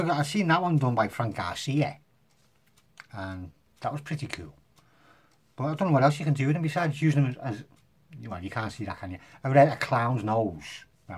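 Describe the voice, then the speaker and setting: A man's voice: mid-range voice, husky. Jokey man doing magic tricks. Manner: jokey, self-mocking, rambling. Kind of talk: casual magic demonstration to camera.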